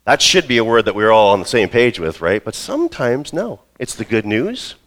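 A man in his role as pastor, preaching a sermon and telling a story with lively asides. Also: medium pitch, moderate pace. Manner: storytelling, acts out quoted voices.

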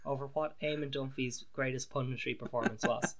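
A man's voice: medium pitch, steady tone, fairly quick. A man from Ireland hosting a podcast, joking wryly as he wraps up the episode. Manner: joking, wry. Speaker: podcast host. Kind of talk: casual chat.

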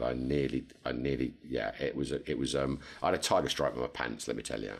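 A very deep-voiced man tells a rambling story on a casual podcast. He is animated and jumps sharply higher whenever he quotes someone. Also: fast, gravelly, hardly any pauses. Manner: animated, jumps to high pitch when quoting others. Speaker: podcast co-host.

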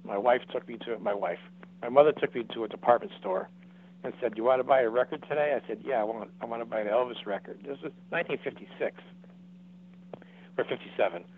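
A man's voice: mid-range voice, quick pace, slightly rough. A man in his seventies, a guest telling long rambling stories with lots of restarts and acted-out quotes. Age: 70s. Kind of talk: casual storytelling. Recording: dry tinny phone-like line.

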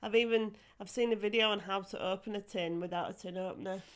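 A woman co-hosting a podcast, telling stories in a chatty, animated way with frequent laughs. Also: mid-range voice, fast talker. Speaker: podcast co-host. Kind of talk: casual chat.

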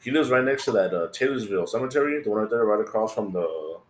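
Deep-voiced man rambling in an echoey room. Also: expressive, fast talker, slight background noise. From California. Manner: rambling, swears a lot, acts out quoted friends. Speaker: podcast host. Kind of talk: casual profane podcast chat.

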